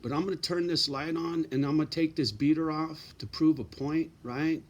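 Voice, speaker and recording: A man's voice: on the high side, moderate pace. A middle-aged man giving blunt, profane advice in a casual straight-talking monologue, often tagging lines with "right?" and "you know".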